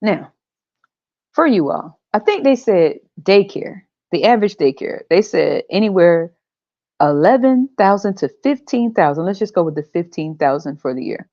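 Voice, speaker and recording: A woman's voice: lowish voice, darkish tone, no room sound, dull audio. Blunt, sarcastic woman podcaster. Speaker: podcast host. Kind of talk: casual podcast rant.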